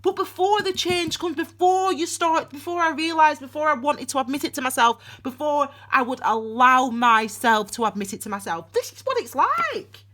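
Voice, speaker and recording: A woman's voice: high voice, animated, moderate pace, few pauses, a bit bright. A woman giving a casual, rambling tarot reading, with frequent restarts and asides. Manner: chatty, rambling, with many restarts and voiced asides. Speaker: tarot reader.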